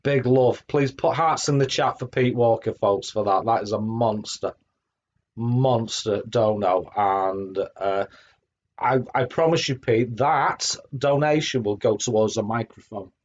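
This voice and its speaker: A man's voice: mid-range voice, unhurried, dull audio. A middle-aged man hosting a live stream, chatting effusively with lots of fillers and restarts on a home streaming mic. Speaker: streamer host. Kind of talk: casual live-stream chat. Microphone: home streaming microphone.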